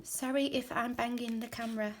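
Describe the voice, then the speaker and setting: A woman talks easily at her craft desk at home, with a slightly high voice. She rambles as she works and drops into quiet mutters now and then. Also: steady tone, a little fast, slight background noise. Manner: chatty, rambling, drops to soft mutters while working. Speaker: craft journaling creator. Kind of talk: casual crafting chat while working.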